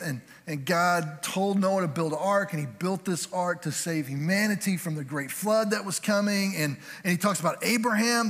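High-voiced joking male pastor preaching. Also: fairly bright tone. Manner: joking, conversational preaching with quick asides. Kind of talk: sermon. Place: church sanctuary. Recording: hall reverb from a church sanctuary.

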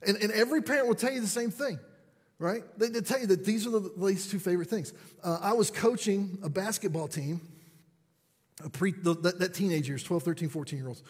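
Man, higher pitched and a bit husky, animated storyteller poking fun at himself, big hall echo. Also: fairly quick. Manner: animated, self-deprecating storyteller. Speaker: parent and speaker. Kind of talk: storytelling talk to an audience.

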